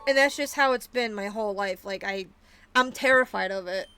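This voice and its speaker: A woman's voice: mid-range voice, normal speed, pushed and bright, faint music behind. A young woman streaming a video game, chatting casually with her viewers in a rambling way full of fillers and restarts. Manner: rambling, many fillers and restarts, talks to chat. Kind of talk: casual live-stream chat while gaming.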